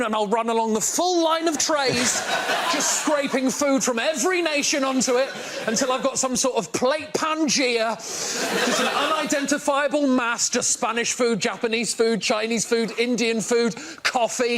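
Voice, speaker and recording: A man from England doing a self-mocking stand-up routine that builds to shouted punchlines. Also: extremely high pitch, moderate pace, very noisy. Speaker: comedian.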